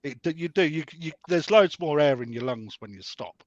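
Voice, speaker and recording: A man chatting on a video call, swearing freely and spinning rough anecdotes. His voice sits a little high and sounds dry and close, squeezed through dull, lo-fi call audio. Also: expressive, moderate pace, dry recording. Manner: blunt, sweary, storytelling. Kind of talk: casual group chat.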